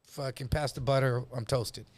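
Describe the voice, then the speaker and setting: A middle-aged man, a comedian guest, telling a rough, profane story in casual chat and acting out the people in it. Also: mid-range voice, moderate pace. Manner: animated, profane, acts out voices in his story.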